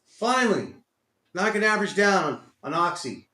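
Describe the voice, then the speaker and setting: A man's voice: sits high, big pitch swings, normal speed, pushed and bright, roomy sound. A man streaming his day trading live, talking to himself and exclaiming in frustration at the market. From Texas.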